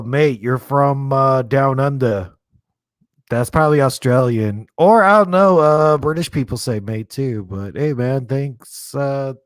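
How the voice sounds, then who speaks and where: A man's voice: mid-range voice, clean tone, dry recording. A young adult man casually chatting and rambling as he hosts a live stream, laughing often.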